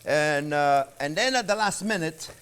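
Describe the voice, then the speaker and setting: An older man hosting a cooking demonstration, chatting warmly to viewers as friends and laughing often. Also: on the high side, lively intonation, unhurried, smooth. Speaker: cooking show host. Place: home-style kitchen.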